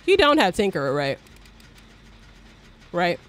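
Excitable young woman streaming a game. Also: lowish voice, a little slow. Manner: excitable, swears, shrieks when startled. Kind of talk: live gameplay commentary.

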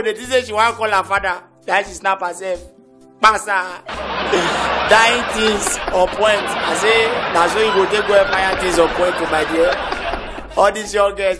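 A Nigerian man doing a stand-up comedy routine in Nigerian Pidgin English, animated and shouting out his punchlines. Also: high voice. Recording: comedy CD with music behind.

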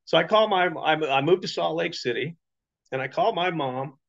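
A man's voice: on the high side, expressive, a little fast, gravelly, a bit bright. A middle-aged man telling his personal story in a chatty way, full of fillers and asides. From Las Vegas, Nevada. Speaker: business testimonial speaker. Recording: dull lo-fi recording.

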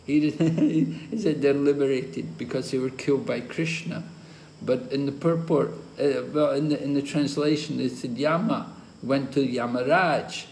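A man, a spiritual teacher, giving a scripture class lecture and explaining terms step by step in a slow, deliberate way, with an occasional chuckle. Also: mid-range voice, vocal fry, darkish tone. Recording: roomy echo with faint ambient noise.

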